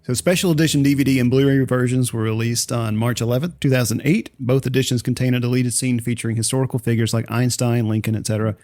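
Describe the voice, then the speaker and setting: A man hosts a casual movie podcast in an even, mid-range voice. The sound is dry and close, and he laughs easily between stretches of reading film facts. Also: mid-range voice, fast, hardly any pauses, no echo. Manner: laughs often, reads film facts in a relaxed way. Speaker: podcast co-host.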